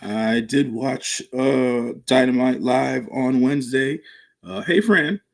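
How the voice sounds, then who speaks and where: A man co-hosting a wrestling podcast, speaking in a measured way that is full of fillers and restarts. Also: mid-range voice, creaky. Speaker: podcast co-host. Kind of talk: casual wrestling podcast chat.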